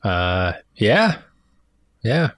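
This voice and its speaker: A man with a lowish voice recaps a show in relaxed, easygoing chat. The sound is dry and close, with no room around it. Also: very slow, no echo. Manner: relaxed, recaps scenes from notes. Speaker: podcast co-host.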